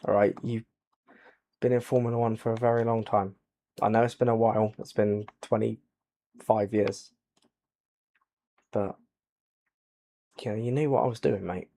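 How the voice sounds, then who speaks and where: A man giving soft-spoken ASMR commentary over a racing game, quiet and low-key, with dry jokes. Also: fairly even intonation, measured pace, creaky, long pauses. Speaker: gaming channel host.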